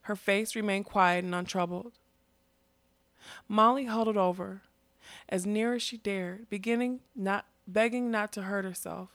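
A woman narrating a fantasy story in a steady, expressive reading. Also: medium pitch, unhurried, no room sound. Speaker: audiobook narrator.

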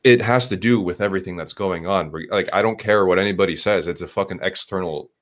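A man's voice: sits low, fast. A man in casual podcast chat, rambling and emphatic, swearing a lot with frequent restarts.

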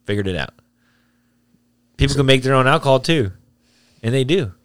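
Co-hosting a casual podcast chat, this man is blunt and swears freely. His medium-pitched voice has lively intonation, a moderate pace, and a slightly bright, clear, resonant tone. The recording is dry and studio-clean.

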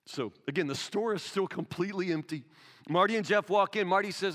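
A man's voice: high voice, a little fast, a bit bright, big-room sound. A man pastor preaching a sermon, telling a story and then pressing his point with emphatic questions. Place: church sanctuary.

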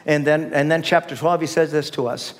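A man's voice: fairly high pitch, steady tone, a little fast. An older man preaching a sermon as pastor, emphatic and repetitive, often calling on the congregation to respond. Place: church sanctuary.

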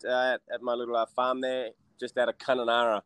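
A man's voice: medium pitch, completely flat delivery, fairly quick, a bit bright, clear, resonant tone, no echo. A man with an Australian accent, laid-back and jokey, laughing as he tells stories over a phone call. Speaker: guest, social media cowboy. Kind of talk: casual storytelling chat.

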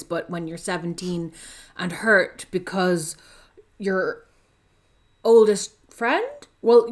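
A woman co-hosting a podcast, reacting and joking in casual chat. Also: on the low side. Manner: responsive, joking, frequent laughs. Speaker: podcast co-host.

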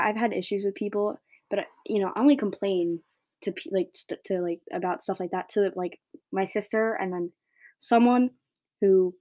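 A woman's voice: mid-range voice, darkish tone, no room sound, studio quality. A teenage girl hosting a solo podcast, ranting bluntly and rambling with lots of filler words. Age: teens. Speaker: podcast host. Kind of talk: solo opinion rant.

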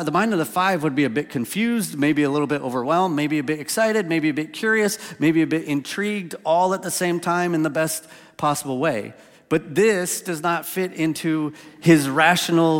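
A man preaching a sermon in a relaxed, conversational way, filling his talk with "like" and "right?". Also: mid-range voice, long reverb tail. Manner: conversational, with many fillers like "like" and "right?". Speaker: pastor.

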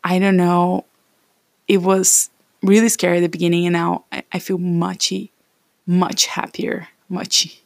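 A woman's voice: fairly low pitch, level tone, measured pace, creaky, a little mellow, dry recording. A woman in her thirties from Brazil with a Brazilian Portuguese accent, talking in a rambling, encouraging casual vlog.

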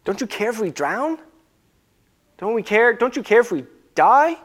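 A man's voice: sits high, sing-song, normal speed. A man voicing panicky, frightened men in a boat during a storm, firing off frantic pleading questions.

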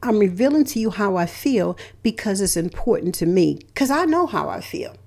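A middle-aged woman hosts a motivational radio talk. Her voice sits at an ordinary pitch for a woman. She speaks emphatically, leaning on key words and repeating them in lists. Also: sing-song, normal speed, darkish tone. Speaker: radio host and relationship counselor.

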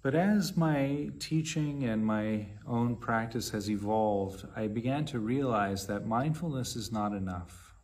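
A man teaching meditation in a measured, unhurried dharma talk with long pauses between phrases. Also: medium pitch, a little mellow, slightly rough.

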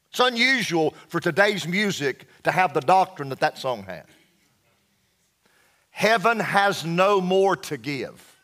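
A man preaching a sermon as pastor, emphatic, reading scripture slowly and dropping his voice low for emphasis. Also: sharp tone. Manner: slow, emphatic preaching with dramatic drops in pitch and volume; reads scripture slowly and deliberately.

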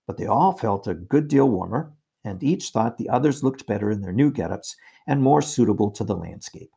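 A man narrating a children's storybook in a measured reading voice. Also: lowish voice, vocal fry, mellow, breathy edge. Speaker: audiobook reader.

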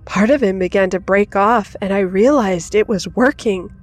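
A woman's voice: mid-range voice, normal speed. A woman reading a first-person horror story in a dramatic scripted narration. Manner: dramatic, rising to intense in action. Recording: soft music under the voice.

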